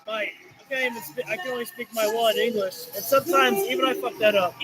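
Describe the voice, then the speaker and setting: A man's voice: very high voice, moderate pace, over loud music. A man hosting a wrestling livestream, casually chatting with stumbling restarts and frequent self-deprecating laughs. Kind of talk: casual live reaction commentary.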